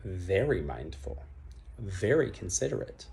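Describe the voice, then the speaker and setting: Slow teasing husband, very deep voice, faint hum. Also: male voice, sing-song, gravelly, warm tone. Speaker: husband in a social media clip.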